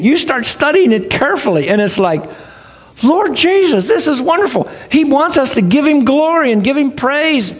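A man giving a sermon-style lecture, telling folksy stories and exclaiming in wonder. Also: sits high. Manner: folksy storytelling, animated and exclaiming. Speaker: creation science speaker.

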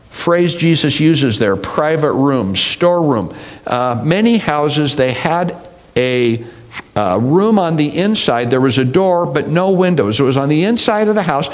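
A middle-aged man preaching a sermon, teaching in an unhurried, deliberate way. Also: a little high. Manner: slow, deliberate preaching with mimicked voices. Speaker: pastor.

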